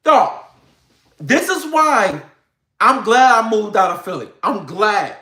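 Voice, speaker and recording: A man's voice: high voice, slow. A man ranting to his viewers in a profane, slangy way, speaking straight at them as an online commentator. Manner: animated, profane, slangy, addresses viewers directly. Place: home room with a computer. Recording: roomy echo.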